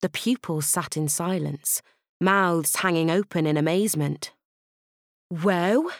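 A woman reading a children's audiobook with playful, expressive narration. Her voice sits slightly low. The recording is close and dry. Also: a little slow, dry recording.

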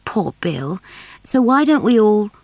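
A woman's voice: medium pitch, big pitch swings, takes it slowly, a little mellow, dry recording, lo-fi sound, exaggerated voice. A woman voicing a hopeful mother coaxing her family along, in a dry recording.

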